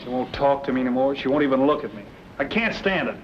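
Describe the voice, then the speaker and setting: A man's voice: medium pitch, lively intonation, quick pace, natural voice. An actor playing a jealous, exasperated young man with a sarcastic edge, on an old hissy soundtrack. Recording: lo-fi 1940s film soundtrack with hiss.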